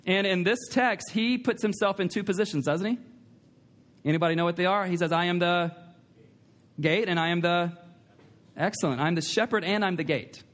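A man with a high voice preaching a sermon in a church. He speaks emphatically, repeats his key lines and puts questions to the congregation. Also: moderate pace, long pauses, fairly bright tone. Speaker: pastor. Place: church sanctuary.

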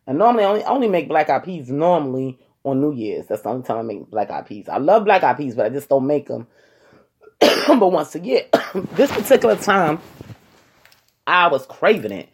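A woman telling a personal story to her viewers in a casual, animated way, talking straight to them and acting out what people said. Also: deep voice, brisk, husky. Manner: animated, acts out quoted voices; colloquial, addresses listeners as y'all.

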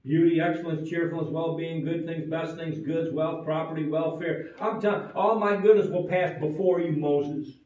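A preacher with a high voice delivers an emphatic sermon, repeating his key words and dropping to near-quiet asides. He sounds far from the microphone in a very echoey room, and the recording is dull and muffled. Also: fairly even intonation, measured pace.

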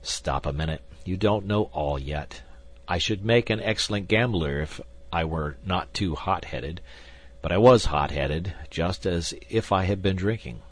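A man's voice: low voice, unhurried. A man doing Athos, a wry, indifferent musketeer. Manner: calm, drawling and wry. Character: coolly indifferent older male musketeer, wry gambler. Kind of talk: audiobook character reading.

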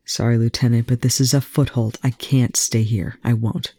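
A reader voicing a rasping, weary male commander. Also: mid-range voice, flat delivery, normal speed, dark tone, pitched below the performer's own voice, close to an everyday voice. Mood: strained. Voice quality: rasping, growling. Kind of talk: fan fiction audiobook reading.

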